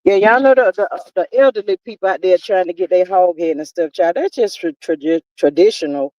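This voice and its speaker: A woman hosts a casual livestream, reading viewer comments and chatting in a folksy way, calling people "child" and "honey." Her voice is on the low side, brisk and dark, in a dry, rough recording.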